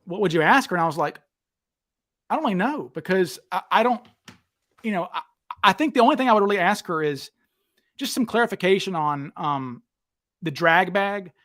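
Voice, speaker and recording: A man with a high voice hosts a relaxed talk show. He tells stories eagerly and jumps into other people's voices when he quotes them. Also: moderate pace, long pauses. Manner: animated, acts out quotes with raised voice. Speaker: podcast host. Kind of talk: casual storytelling chat.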